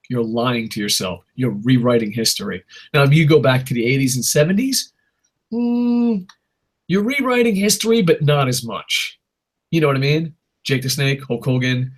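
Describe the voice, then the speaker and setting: A man hosting a casual podcast, ranting in a rambling, profane way and laughing at his own jokes. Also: mid-range voice. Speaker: podcast host. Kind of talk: casual wrestling podcast rant.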